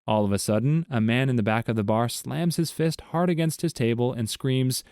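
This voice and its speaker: A man narrating a series of jokes in an even, scripted storytelling read. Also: medium pitch, normal speed, clean tone, dry recording, clean studio sound.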